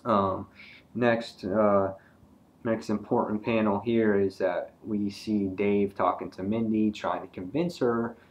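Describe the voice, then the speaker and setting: A man's voice: fairly low pitch, fairly even intonation, takes it slowly. A man giving a casual, hesitant comic book review, talking through pages with many ums and uhs.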